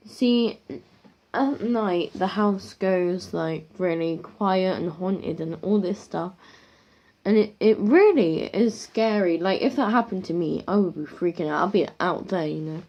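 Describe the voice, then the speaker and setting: A woman's voice: on the low side, measured pace. A woman improvising a spooky story in a rambling, casual way, full of fillers and restarts, on a dull lo-fi home recording.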